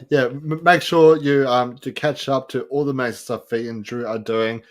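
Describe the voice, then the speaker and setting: A man's voice: medium pitch, fairly even intonation, measured pace. A man hosting a podcast in a casual, giggly, rambling way. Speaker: podcast host.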